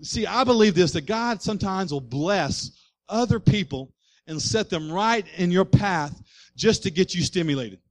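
A man's voice: sits high, expressive, moderate pace. A man, a pastor, preaching a sermon with rising fervor and repeated refrains.

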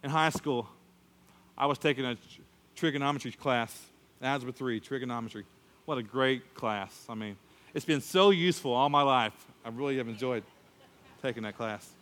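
A middle-aged man preaching a sermon, telling a story and acting out the voices in it with lively storytelling. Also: mid-range voice, normal speed. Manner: animated storytelling, acts out voices. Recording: long hall reverb.

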